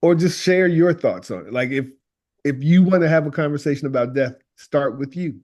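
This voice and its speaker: A man's voice: on the high side, animated, normal speed, a little mellow. A man being interviewed as a guest, speaking earnestly and telling stories, often acting out what people say. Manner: earnest storyteller, acts out quoted dialogue. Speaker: guest, death doula. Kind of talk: conversational interview.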